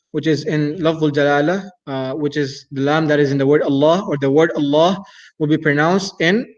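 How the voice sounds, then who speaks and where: A man, an imam, teaching Quran recitation patiently, repeating each sound several times with some hesitant fillers. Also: on the high side. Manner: hesitant fillers between explanations. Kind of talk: slow, repetitive recitation lesson. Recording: dull lo-fi recording.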